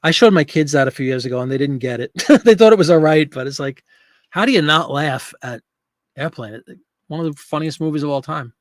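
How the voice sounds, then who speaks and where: A man's voice: fairly high pitch, fairly quick, dry recording, clean studio sound. A man in his fifties hosting a live listing stream, chatting casually, joking and talking to viewers in chat.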